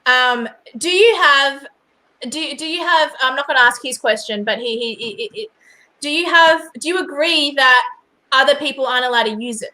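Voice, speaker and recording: Bright, high-voiced woman hosting a live stream. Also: moderate pace, reverberant. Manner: animated, blunt, laughs along, stumbles and restarts. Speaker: host. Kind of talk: casual live-stream interview.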